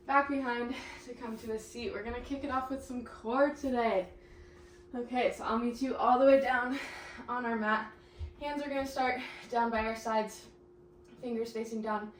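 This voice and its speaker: A woman's voice: fairly high pitch, a little hiss or hum. A young woman leading a pilates class, giving encouraging cues and getting out of breath as she exercises along. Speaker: pilates instructor. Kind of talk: instructing a workout class. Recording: echoey room, mic at a distance.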